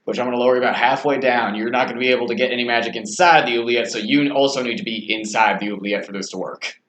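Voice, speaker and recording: A man playing a tabletop game in character, bossy and prone to yelling. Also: medium pitch, fairly even intonation, fast talker. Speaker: player. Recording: echoey room with crowd noise.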